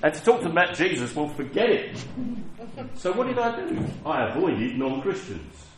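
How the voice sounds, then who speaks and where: A man's voice: fairly high pitch, very animated, moderate pace, a little hiss or hum. A man preaching a sermon, telling personal stories in a conversational, self-mocking way. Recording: echoey hall with faint ambience.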